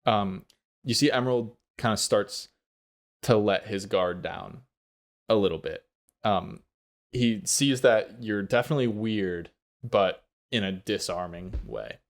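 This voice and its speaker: A man narrating a tabletop game as game master, relaxed and quick to laugh. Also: on the low side.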